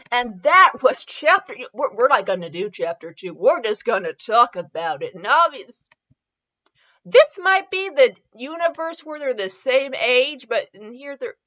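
A woman's voice: fairly high pitch, fairly bright tone. Sarcastic woman podcast host, lo-fi. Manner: sarcastic, giggly asides. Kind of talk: comic reading of fanfiction.

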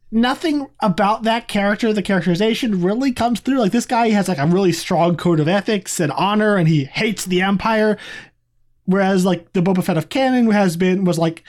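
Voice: medium pitch, moderate pace, darkish tone. A podcast co-host in a casual review chat, talking in a chatty, rambling way with many asides.

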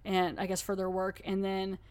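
A woman's voice: medium pitch, completely flat delivery, moderate pace, a little mellow, clear, resonant tone. A woman hosting a podcast, chatting casually and full of fillers as she recaps and reviews a TV episode. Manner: chatty, filler-heavy, acts out quotes.

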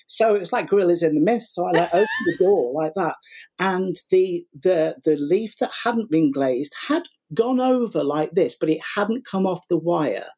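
A middle-aged man speaks as a guest in a relaxed interview. His voice is mellow and a little husky. He tells stories with lots of energy, often acting out what other people said and stopping to restart his sentences. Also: high-pitched, normal speed. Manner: animated, acts out quotes, many restarts. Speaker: guest, sugar flower artist. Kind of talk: casual interview storytelling.

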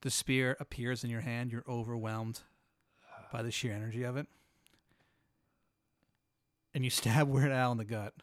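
Man, podcast host, smooth resonant voice, dry close sound, rambling casual storyteller. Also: mid-range voice, fairly even intonation, moderate pace, pauses often, dry recording. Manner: laid-back, rambling, lots of "like". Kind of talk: improvised hypothetical storytelling.

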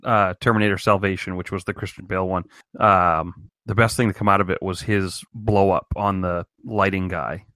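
A man's voice: sits low, fairly even intonation, normal speed, sharp tone, no echo. A man co-hosting a casual podcast chat, joking in a dry, sarcastic way. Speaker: podcast co-host. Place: home in Maine.

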